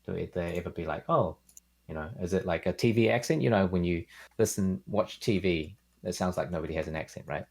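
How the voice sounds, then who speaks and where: A man with a New Zealand accent talks as a guest over a video call. His voice sits very low, and he rambles easily with plenty of ums and you-knows. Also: fast, vocal fry. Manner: relaxed, rambling, lots of fillers. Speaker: guest, keyboard builder and streamer.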